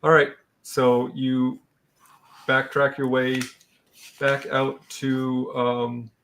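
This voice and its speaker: A man runs a tabletop game in a relaxed, halting way, often pausing on an um. His voice has a gravelly, fry-laden edge. He keeps the pitch in a middle register. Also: a little hiss or hum. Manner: halting, relaxed, with frequent ums. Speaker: dungeon master.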